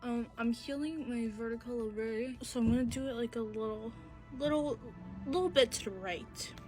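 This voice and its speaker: A woman talks bluntly in a short social media clip, her voice sitting a little high. Loud music plays under her the whole time. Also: normal speed, low-quality recording. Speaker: clip creator piercing herself.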